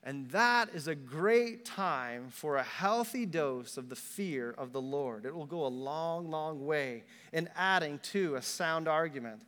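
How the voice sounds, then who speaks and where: Guy preaching, high voice, acts out the quotes, goes quiet for the big points, big hall echo. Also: unhurried, few pauses. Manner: animated storytelling, acts out quotes, drops to a hush for emphasis. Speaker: pastor. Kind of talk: sermon. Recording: long hall reverb.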